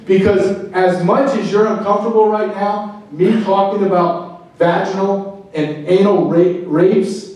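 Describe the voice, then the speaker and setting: A middle-aged man, a retired border agent, giving a fervent speech to a club, swinging from loud to quiet. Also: high-pitched, fairly even intonation, unhurried. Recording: very echoey room, speaker far from mic.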